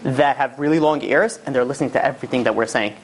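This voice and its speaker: A man's voice: medium pitch, quick pace, slight background noise, pitched below the performer's own voice, natural voice, poor audio. A man voicing a jittery, rambling street panhandler who pleads and repeats himself, paranoid and wheedling. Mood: conspiratorial.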